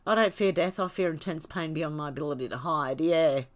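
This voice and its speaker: A woman's voice: sits low, brisk. A middle-aged woman hosting a casual livestream, reading viewers' comments aloud in a chatty, candid way with frequent giggles. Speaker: livestream host.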